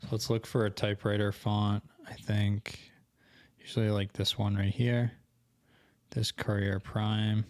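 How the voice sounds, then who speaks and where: A young co-host of an online selling channel talks at a measured pace through a tutorial on his screen, casually thinking aloud and fixing his slips. His voice is low and darkish, with little rise and fall, and is turning a bit hoarse as he loses it. It's recorded close to the mic, dry, with no room sound.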